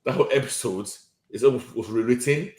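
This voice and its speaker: A man's voice: mid-range voice, darkish tone. A man with a Nigerian accent, co-hosting a casual podcast chat, often repeating words and hedging as he reviews an episode. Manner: hesitant, repeats words, quick to agree. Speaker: podcast co-host. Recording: roomy echo.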